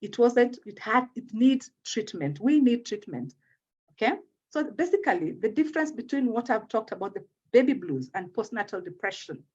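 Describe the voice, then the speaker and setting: A woman with a fairly high voice talks through a subject at length as an interview guest. She keeps checking in with her listener and repeats words as she finds her thread. The audio sounds dull and low-fi. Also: big pitch swings, normal speed, a little mellow, breathy edge. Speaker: guest speaking on postpartum depression. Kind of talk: explanatory interview talk.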